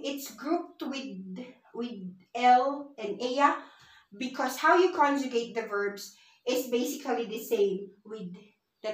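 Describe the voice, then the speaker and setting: A woman teaching a beginners' language lesson on her own channel, explaining slowly with many fillers. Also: on the high side. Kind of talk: casual online lesson. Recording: echoey room.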